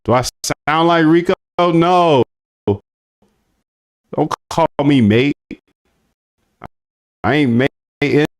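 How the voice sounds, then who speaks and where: A man muttering to himself and his chat as he codes on stream. His voice sits somewhat high and he drags his words out at an unhurried pace. He talks in loose slang and tosses in "dude" and "bro" all the time. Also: dry recording. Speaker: streamer coding a trading bot. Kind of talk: casual live-stream self-talk.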